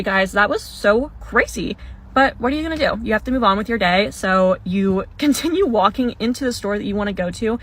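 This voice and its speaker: A young woman tells her own story in a casual storytime voice, mid-pitched for a woman, with a bright tone. She speaks of herself as "you" and laughs through parts of it. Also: a little hiss or hum.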